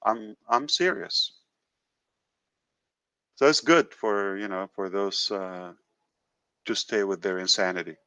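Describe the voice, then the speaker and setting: Halting low-voiced man on a live call. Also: sharp tone, clean tone, no echo. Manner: halting, many fillers and restarts. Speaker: company founder hosting a live call. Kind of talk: casual live call talk.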